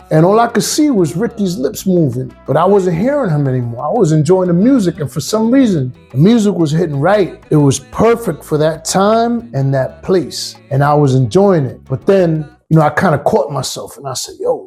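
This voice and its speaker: A retired police officer, telling a story casually and acting out the voices. His voice is husky and dark in tone, and sits a little high for a man. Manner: streetwise, casual, acts out voices. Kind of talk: personal storytelling.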